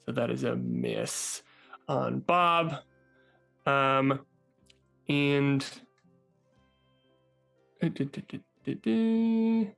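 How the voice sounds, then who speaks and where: Casual game master with soft music. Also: mid-range voice, big pitch swings, very slow, gravelly, long pauses, smooth. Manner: casual, filler-heavy, giggly. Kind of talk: narrating a tabletop game.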